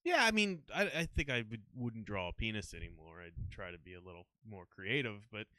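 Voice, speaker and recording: Young man, podcast guest. Animated, bright storyteller who acts out every quote. Dry, close sound. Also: lowish voice, brisk, no room sound. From New Jersey. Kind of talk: casual chat, storytelling.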